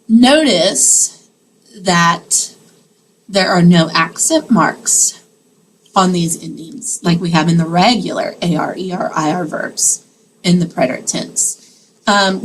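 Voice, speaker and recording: Slow-talking teacher woman. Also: fairly low pitch, slight background noise, low-quality recording. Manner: patient, explains step by step, checks in with "okay?". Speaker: Spanish teacher. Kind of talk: classroom grammar lesson.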